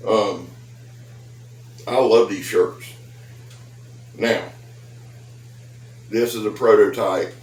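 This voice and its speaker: A man's voice: fairly low pitch, steady tone, drawn-out words, pauses often, a little mellow, far from the mic. Rambling man in his fifties, echoey. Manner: rambling, folksy, chatty asides. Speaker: knife reviewer and seller. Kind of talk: casual vlog. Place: at home with dogs. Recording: echoey room, voice off-mic.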